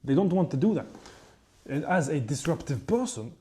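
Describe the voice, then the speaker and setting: A man's voice: a little high, sing-song, moderate pace, mellow. A man in his twenties with a French accent, talking casually to the camera in a rambling, profane vlog monologue with frequent asides. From France. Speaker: chef and fitness creator.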